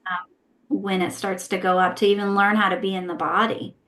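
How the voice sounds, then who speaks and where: A woman guest on a podcast walks through her thinking in a relaxed, conversational way. She keeps checking in with "right?" and asks herself rhetorical questions as she explains. She speaks at a middle pitch. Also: a little fast. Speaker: guest, intuitive healer and former therapist.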